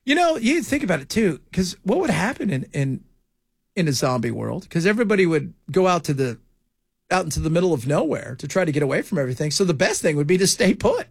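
A man hosting a radio talk show, bantering and joking with quick asides and frequent laughs, on a studio mic. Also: high-pitched, big pitch swings, gravelly, husky, dry recording.

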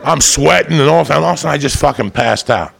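A man doing profane stand-up, telling a story in a loud, brash, rambunctious way and swearing constantly. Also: a little high, quick pace, creaky. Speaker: stand-up comedian.

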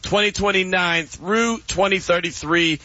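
A man's voice: high-pitched, a little slow, pushed and bright, no echo. A man hosting a sports radio show, bantering casually in a playful, teasing way and laughing often. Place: radio studio. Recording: dull, dry studio radio audio.

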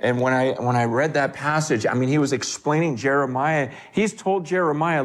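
A middle-aged man, a pastor, preaching a sermon in a lively way, often stumbling and repeating words as he starts a thought. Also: normal speed, few pauses. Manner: animated, wide pitch swings, repeats words when starting.

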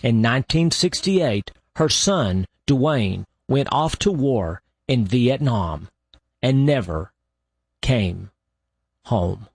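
A man hosting a radio show, narrating in a slow, deliberate way with long dramatic pauses. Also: mid-range voice, lively intonation, husky, no echo.

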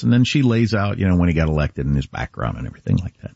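A man's voice: deep voice, wildly swooping pitch, rapid-fire, creaky, few pauses, darkish tone, breathy edge, dry recording, muffled recording. A man from Kansas telling a story in casual talk-show chat, quoting dialogue as he goes.

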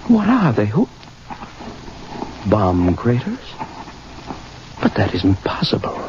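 A haunted, guilt-ridden scientist in an old radio drama, speaking slowly and tensely. The recording is dull and muffled, with a steady hiss underneath. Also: male voice, medium pitch. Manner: tense, breathless, rising to anguished shouting. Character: haunted middle-aged male gardener-scientist, guilt-ridden. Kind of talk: 1950s radio drama acting.

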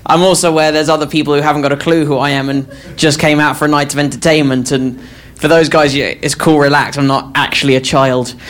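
A man's voice: fairly high pitch, little pitch movement, quick pace. A man in his twenties opening a stand-up set, chatty and self-deprecating with the crowd. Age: 20s. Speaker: stand-up comedian. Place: comedy club stage.

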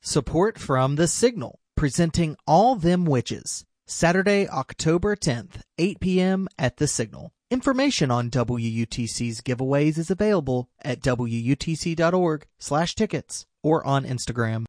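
A man reads a station sponsor announcement in an upbeat style. His voice sits a bit high, and the booth sound is dry. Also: lively intonation, moderate pace, darkish tone, no echo.

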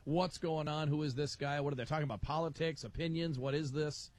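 A middle-aged man hosting a live radio talk show, telling an animated story and acting out the voices in it. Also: fairly high pitch, fairly quick.

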